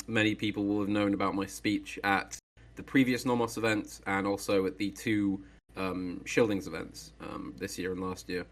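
A Welsh man speaking as an interview guest, his voice sitting low. He picks his words slowly, with frequent ums and short pauses, in a relaxed conversational way. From Wales. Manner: hesitant, many ums and pauses. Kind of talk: casual interview chat.

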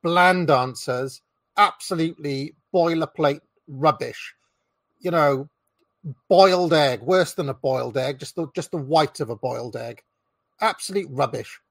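A man's voice: on the high side, measured pace, vocal fry, fairly bright tone, no room sound, studio quality. A man giving a blunt, mocking rant as he reacts to a political interview. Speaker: political commentator reacting to a clip. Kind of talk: ranting reaction commentary.

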